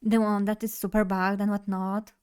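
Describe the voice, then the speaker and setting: A woman's voice: medium pitch, level tone, normal speed, a little mellow, clean tone. A young woman streamer in casual live chat, playful and chatty as she talks to her viewers.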